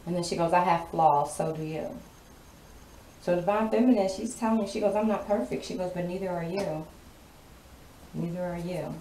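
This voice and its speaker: Woman, lowish voice, sassy tarot reader, repeats lines for emphasis, roomy echo, steady background noise. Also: moderate pace, long pauses. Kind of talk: casual tarot reading. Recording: roomy, distant mic, clear background noise.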